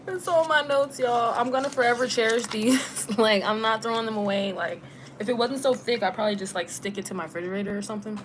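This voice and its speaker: A young woman vlogger chatting casually on a live Q&A, relaxed and talkative, using lots of filler "like" and slang while she reads out viewer comments and letters. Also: a little high, fast, noisy background. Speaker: travel vlogger and former teacher.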